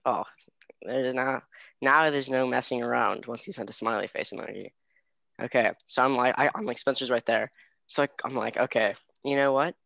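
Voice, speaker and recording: A man's voice: mid-range voice, normal speed, gravelly, no echo. A young man chatting casually, telling a story and acting out quotes with lots of fillers. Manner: animated, acts out quotes, many fillers.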